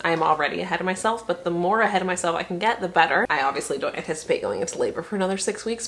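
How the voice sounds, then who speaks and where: A pregnant young woman vlogging casually, rambling and chatty, swearing here and there. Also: fairly low pitch. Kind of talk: casual vlog chat.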